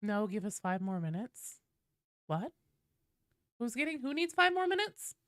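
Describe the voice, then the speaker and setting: A woman streaming live while sick with a cold, chatting casually and shouting loud, profane greetings to her viewers. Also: on the high side, sing-song, a little slow, no echo, studio quality.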